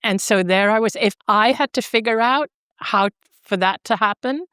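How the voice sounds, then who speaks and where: A middle-aged woman guest on a podcast, telling her story in an animated, expressive way and laughing easily. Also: a little high, moderate pace, clean tone, no echo, clean studio sound. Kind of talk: storytelling in an interview.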